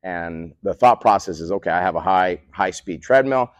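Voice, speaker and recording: A man's voice: sits low, moderate pace, smooth, no room sound. A man who co-owns a speed training facility, explaining training methods in a casual interview and checking in with "right?" after his points. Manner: peppers points with "right?" tag questions; animated, coach-like storytelling. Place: remote call.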